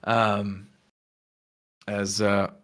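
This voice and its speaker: A man's voice: lowish voice, extremely slow. A man narrating a tabletop game as game master. His telling is loose and easy, with many "um"s and "uh"s. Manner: relaxed, filler-heavy narration.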